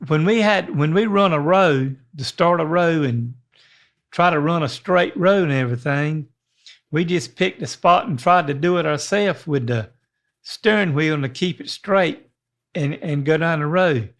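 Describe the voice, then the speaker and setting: A man's voice: a little high, measured pace, fairly bright tone. An older man, co-hosting a podcast in a rambling, folksy way. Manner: rambling, folksy, many restarts. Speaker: podcast co-host. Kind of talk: casual chat.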